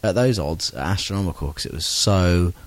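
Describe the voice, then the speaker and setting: A man trading dry, sardonic remarks in a casual podcast chat. His voice sits very low. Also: fairly quick, no room sound. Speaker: podcast co-host.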